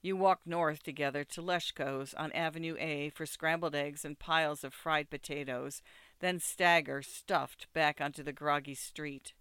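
A man narrating an audiobook in a steady, second-person storytelling way. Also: on the high side, a little slow, clean tone, no echo.

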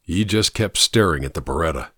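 Casting note: male audiobook narrator, measured and grave, mid pitch with an expressive lilt, dry close studio sound. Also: breathy edge, no room sound. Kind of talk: first-person audiobook narration.

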